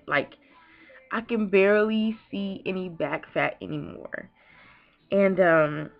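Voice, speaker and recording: A young woman vlogging casually, talking emotionally in a rambling way with restarts. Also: mid-range voice. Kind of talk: casual vlog talk. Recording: dull lo-fi home video.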